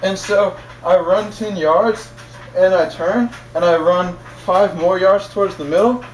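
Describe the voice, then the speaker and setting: A young man with a high-sitting voice tells a casual story at a measured pace, rambling, repeating himself and chuckling as he goes. He's far from the mic in an echoey room, with faint noise.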